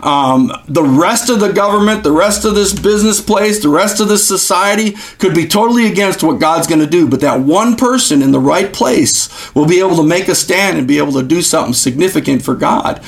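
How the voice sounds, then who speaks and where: A man's voice: sits high, a little fast, gravelly, hardly any pauses. A man hosting a podcast who speaks in an earnest, exhorting, preaching style, with frequent fillers. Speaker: podcast host.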